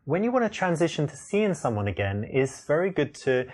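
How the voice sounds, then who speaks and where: A man's voice: a little high, very animated, a little fast, a little mellow. An actor playing an adult male dating coach in a live-action game, explaining tactics step by step. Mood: advising. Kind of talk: scripted game narration.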